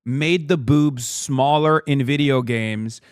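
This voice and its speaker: A man's voice: medium pitch, slow, clear, resonant tone, no echo, clean studio sound. A man ranting on a livestream, profane, exasperated and mocking as he fires off commentary. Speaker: streamer. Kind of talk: heated livestream commentary rant.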